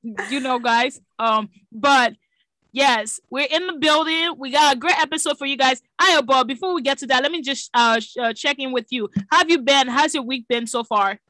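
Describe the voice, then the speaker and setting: High, bright, exuberant woman co-host. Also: normal speed, no echo, rough recording. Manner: loud, exuberant hype, playful teasing. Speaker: podcast co-host. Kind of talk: casual chat.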